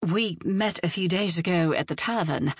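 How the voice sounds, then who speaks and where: A woman's voice: lowish voice, moderate pace, slightly rough, dry recording, clean studio sound. A woman voicing a resolute young woman who speaks firmly and earnestly.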